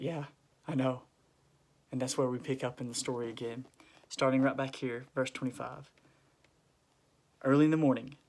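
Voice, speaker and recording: Animated man teaching kids a Bible story. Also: mid-range voice. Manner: animated storytelling, acts out characters. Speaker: children's church teacher.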